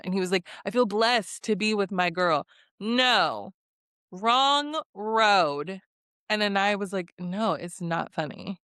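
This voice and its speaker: Young woman, mid pitch, sassy blunt recap delivery, laughs a lot, dry close sound. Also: a bit bright, no room sound. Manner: sassy, blunt, laughs often, acts out quotes. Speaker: reality show recapper. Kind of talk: casual recap vlog.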